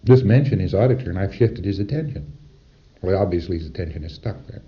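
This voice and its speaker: A deep-voiced man delivers a lecture, emphatic and rhetorical, often checking in with his audience. The recording is dull and lo-fi, like a 1960s lecture tape. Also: lively intonation, fast.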